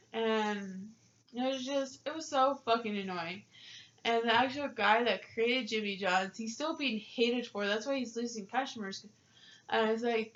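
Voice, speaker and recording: A young woman with a fairly high voice rants about work in a frustrated, profane way, her talk full of filler ums. The recording sounds dull and lo-fi. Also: fairly bright tone. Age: young adult. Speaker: vlogger. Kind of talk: casual rant to camera.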